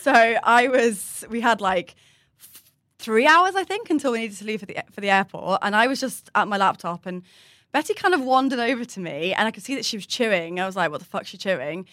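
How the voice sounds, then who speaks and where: A woman's voice: on the high side, animated, brisk, a bit bright, no echo, studio quality. Rambling woman podcast co-host. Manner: rambling, self-deprecating. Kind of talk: casual storytelling chat.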